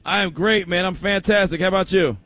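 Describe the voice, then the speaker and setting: Animated, joking sports radio host man. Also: high voice, a little fast, no room sound. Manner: animated, joking, breaks into laughter. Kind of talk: casual sports talk.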